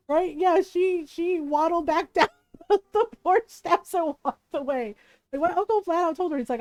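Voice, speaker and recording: A woman streamer chatting casually while she plays a game, laughing often and retelling a story with lively quoted voices. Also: sits high, moderate pace, no echo. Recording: dry close mic with faint game music.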